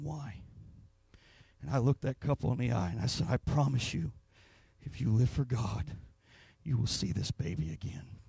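A man with a gravelly, mid-range voice and a breathy edge delivers a sermon in a church sanctuary, recounting a personal story. He begins in a storytelling manner that builds to anguished shouting, and the recording is dry.

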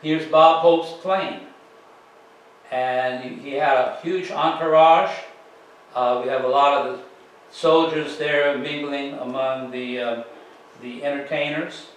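A man giving a slide presentation to an audience, telling it in an unhurried, folksy way with plenty of fillers. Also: mid-range voice, steady tone. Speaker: author giving a library talk. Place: public library meeting room. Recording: roomy, distant mic with faint ambience.

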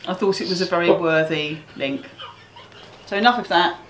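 A woman's voice: on the low side, moderate pace, a bit bright, reverberant, low-quality recording. Woman doing a casual home cooking show in her kitchen, chatty and jokey, a bit of background noise. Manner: chatty, playful, self-mocking. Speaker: cookery host.

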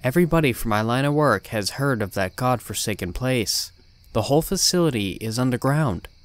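A man's voice: medium pitch, expressive, brisk, no room sound. A man reading a first-person horror story in a blunt, swearing, tough-guy voice. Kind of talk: scripted horror narration.

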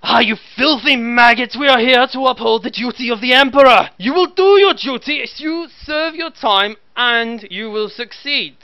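A man voicing a harsh, shouting male Commissar who barks bullying orders. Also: on the high side, lively intonation, a little slow, clean tone, no room sound. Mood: bellowing. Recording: dull lo-fi voice chat.

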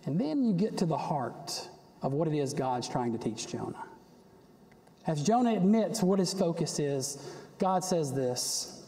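A man preaching a sermon in a church, animated, acting out the prophet's complaints with a rising voice. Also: fairly high pitch, measured pace. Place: church sanctuary. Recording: long reverb of a church hall.

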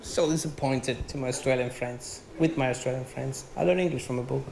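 Venezuelan-accented stand-up comedian, animated. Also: male voice, mid-range voice, brisk, gravelly. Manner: animated storytelling, acting out dialogue. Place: theater stage before live audience. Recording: roomy live venue with audience noise.

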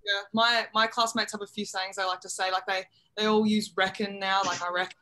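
A young adult woman with an Australian accent, chatting in a relaxed way during an interview over a video call. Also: medium pitch, brisk. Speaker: college basketball player. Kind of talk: casual interview chat.

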